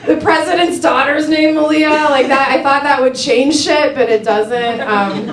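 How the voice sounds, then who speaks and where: A young woman with a high-sitting voice speaks at normal speed through a stand-up comedy set, self-mocking and chatty, full of "like" and laughter at her own jokes. The echoey small club carries crowd noise, with the audience laughing and chattering.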